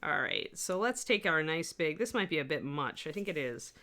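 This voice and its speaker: A woman's voice: sits low, expressive, normal speed, sharp tone. A woman with a slight West Coast accent, chatting casually as she teaches miniature sculpting on a live stream. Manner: chatty, rambling asides while working. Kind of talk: live-stream tutorial chat.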